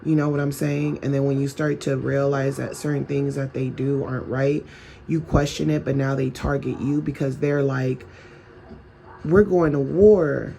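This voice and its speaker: A man's voice: medium pitch, completely flat delivery, moderate pace, vocal fry, warm tone, slight background noise. A man talking straight to his viewers in a casual advice monologue, chatty and full of rhetorical questions. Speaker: vlogger.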